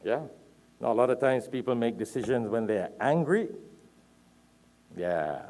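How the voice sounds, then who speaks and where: A man's voice: medium pitch, normal speed. A man from Trinidad preaching a sermon, telling stories with emphatic repetition. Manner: animated storytelling, emphatic repetition. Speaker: Islamic preacher.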